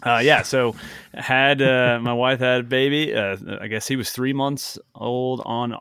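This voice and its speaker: A man chatting casually as a podcast guest, relaxed and rambling with lots of fillers. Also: mid-range voice, a little slow, clear, resonant tone, dry recording, studio quality. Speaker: podcast guest and former host.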